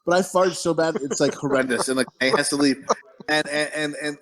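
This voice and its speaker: A man's voice: on the high side, fairly quick, a bit bright. A man co-hosting a podcast, rambling through crude jokes with frequent restarts. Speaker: podcast co-host. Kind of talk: casual chat.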